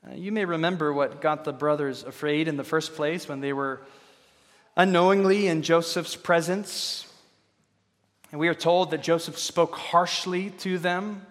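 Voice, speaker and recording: A man preaching a sermon as pastor, measured and steady, posing rhetorical questions to his congregation. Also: high voice. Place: church sanctuary. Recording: long reverb of a large hall.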